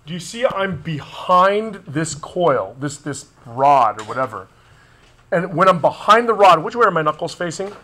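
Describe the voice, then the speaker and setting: A man teaching physics to a class, brisk and conversational, with joking asides. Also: a little high, sing-song, pushed and bright. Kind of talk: classroom review lesson.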